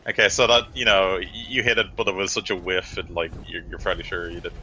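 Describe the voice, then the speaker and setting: A man's voice: deep voice, flat delivery, fast, pushed and bright, muffled recording, slight background noise. A man narrating as game master of a tabletop game, describing the action in loose, filler-heavy talk.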